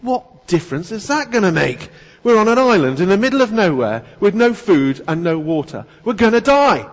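A preacher voicing a panicked shipwrecked man who screams and yells during a joke. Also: sits high, big pitch swings, normal speed, pitched above the performer's own voice, exaggerated voice. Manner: yelling, frantic. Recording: long church reverb.

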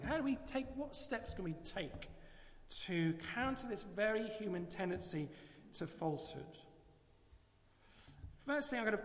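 A man preaching a sermon in a church, earnest and asking the congregation rhetorical questions. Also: high-pitched. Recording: live church recording with long hall reverb.

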